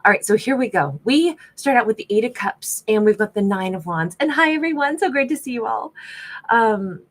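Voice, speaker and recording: A woman's voice: a little high, lively intonation, normal speed. A woman giving a casual tarot reading, chatty and rambling, with many fillers and restarts. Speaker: tarot reader.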